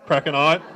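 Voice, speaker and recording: A middle-aged Australian comedian telling stories on stage in a voice pitched a little high. He jumps into the voices of the people in his tales and laughs along with them. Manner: animated, acts out voices of family and cops, laughs often. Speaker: stand-up comedian. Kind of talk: stand-up storytelling. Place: library event before a live audience.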